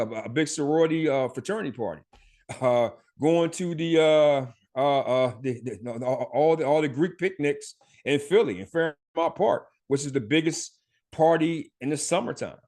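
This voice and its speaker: Middle-aged male podcast host, slightly high voice, rambling profane storyteller who laughs a lot. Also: darkish tone. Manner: loose and profane, laughs often, many fillers. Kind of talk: casual storytelling.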